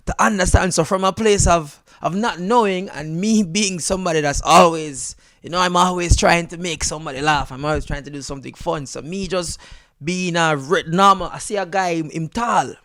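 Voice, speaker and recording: A Jamaican comedian telling a story in an interview, lively and jumping into high voices for the people he quotes. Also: dry recording. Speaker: comedian guest. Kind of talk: animated storytelling.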